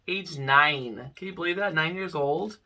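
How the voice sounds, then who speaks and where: A woman's voice: sits low, unhurried, pushed and bright, far from the mic. A middle-aged woman chatting casually to camera about her cross-stitch projects, rambling and laughing often. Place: home room.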